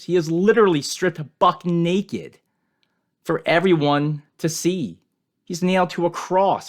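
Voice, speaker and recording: Male Bible teacher, mid-pitched, earnest and deliberate, speaking in short weighted phrases. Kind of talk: reflective scripture commentary.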